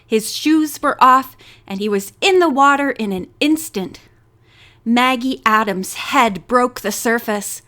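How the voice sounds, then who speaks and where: A woman narrating a mystery novel as an audiobook reader in a steady, measured manner. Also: fairly high pitch. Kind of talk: reading a novel aloud.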